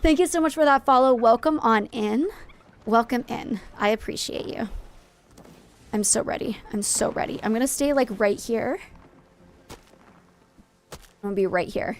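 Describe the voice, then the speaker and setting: A woman's voice: fairly high pitch, normal speed, pauses often, slight background noise. A woman live-streaming a game in casual chat, greeting viewers and going off on playful, jokingly dramatic rants.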